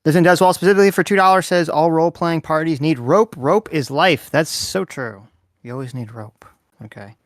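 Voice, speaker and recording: A man with a slightly high voice co-hosts a casual livestream. He reads donor messages aloud and reacts with blunt, offhand comments. His voice sounds close and dry, with no room around it. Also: a little fast, no room sound. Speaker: co-host reading donations.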